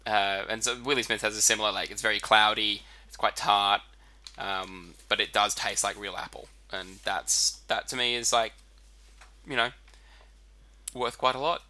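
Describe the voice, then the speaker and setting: Man, casual chat, hesitant, repeats words, low pitch, very bright. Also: fairly even intonation, moderate pace. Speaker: podcast co-host.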